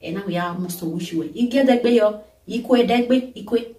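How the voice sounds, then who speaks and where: A Nigerian woman vlogger, tired, talking in an animated way and breaking into song and blessings. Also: mid-range voice, normal speed, recorded from a distance. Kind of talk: casual birthday tribute vlog with singing. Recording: roomy sound from off the mic.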